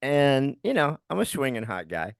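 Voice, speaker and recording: A middle-aged man co-hosting a podcast, telling a story in a casual, animated way and laughing often as he talks. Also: mid-range voice, moderate pace, vocal fry, no echo, studio quality. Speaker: podcast co-host.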